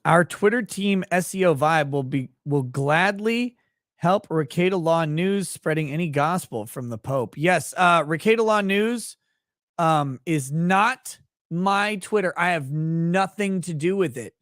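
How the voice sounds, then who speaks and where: Profane, rambling Minnesotan man, slightly high. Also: a little slow, a bit bright, no echo, studio quality. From Minnesota, USA. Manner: profane, rambling, laughs often. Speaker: livestream host reading chat. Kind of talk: casual livestream chat.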